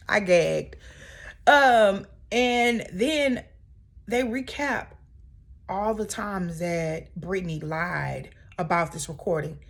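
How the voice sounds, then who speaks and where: A woman's voice: medium pitch, big pitch swings, drawn-out words, long pauses, bright, forceful tone. A woman casually recapping a reality TV episode in a chatty, sassy way, full of asides.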